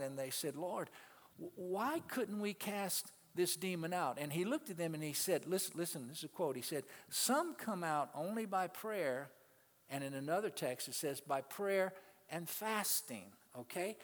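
A male preacher delivers a sermon in a church, his voice sitting a little high for a man. He surges to emphatic peaks and then pulls back to quiet asides, calling out to the congregation. The sound rings with the long reverb of a large sanctuary. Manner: calls out to the congregation. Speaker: pastor.

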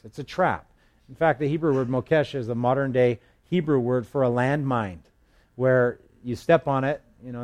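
A male pastor teaching through the Psalms in a relaxed, conversational way, reading verses aloud with emphasis and slipping in light humor. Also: mid-range voice. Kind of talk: expository Bible teaching.

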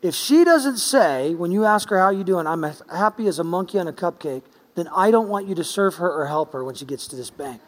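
A pastor doing a jovial, insistent son. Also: male voice, sits high, expressive, a little fast, hardly any pauses. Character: upbeat cheerful middle-aged man coaching his mother. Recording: long church-hall reverb.

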